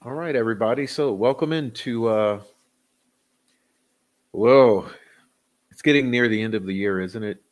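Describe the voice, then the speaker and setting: Medium in pitch and moderate in pace, this livestream host pauses often. He chats casually, greeting viewers by name as he reads the chat, his talk loose and dotted with chuckles and fillers.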